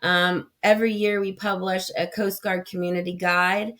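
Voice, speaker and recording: A woman's voice: medium pitch, level tone, normal speed, a bit bright. A woman who runs a community foundation, talking as a podcast guest and explaining her programs earnestly with fillers and restarts. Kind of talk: casual interview conversation.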